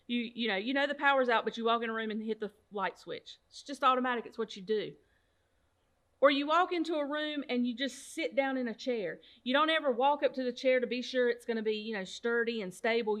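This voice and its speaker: A woman's voice: a little high, fairly bright tone. A woman leading an online Bible study, talking in an earnest, heartfelt way, repeating phrases for emphasis and now and then stumbling and restarting her words. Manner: sometimes halting, restarts words.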